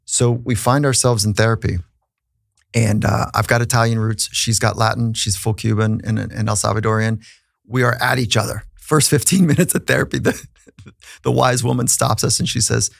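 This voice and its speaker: A man's voice: on the low side, steady tone, normal speed, vocal fry, no echo, studio quality. A man who is a psychologist, telling a personal story in an earnest, reflective way on a podcast, with frequent restarts.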